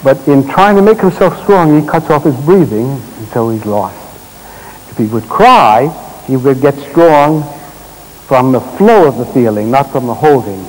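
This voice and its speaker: A man leading a live therapy demonstration on a stage, giving gentle, directive instructions in short commands and explaining to the audience as he works. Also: mid-range voice, animated, a little slow, rough recording. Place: stage at a congress.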